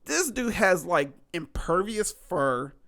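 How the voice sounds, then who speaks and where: Male podcast host, somewhat high voice with gravelly fry, loose and profane, talks straight to the audience. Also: slow. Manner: profane, animated, laughing asides, addresses listeners as y'all. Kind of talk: casual solo podcast rant.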